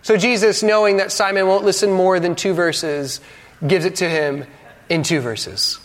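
High-voiced man preaching in a reverberant hall. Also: steady tone. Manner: dynamic preaching, dramatic pauses, acts out quotes; joking asides to the congregation. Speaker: pastor. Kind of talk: sermon. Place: church hall. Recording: long reverb of a large hall.

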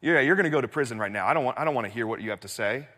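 Angry, proud old king, as a preacher puts him on: blustering and indignant, voice raised and pitched up, ringing with long hall reverb. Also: lively intonation, very fast, sharp tone.

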